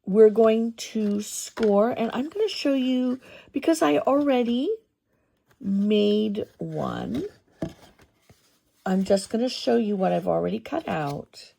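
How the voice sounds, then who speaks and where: Slow, gravelly-voiced woman crafter. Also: on the high side, animated, mellow. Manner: step-by-step, unhurried, thinking aloud. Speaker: papercraft tutorial host. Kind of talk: craft tutorial demonstration.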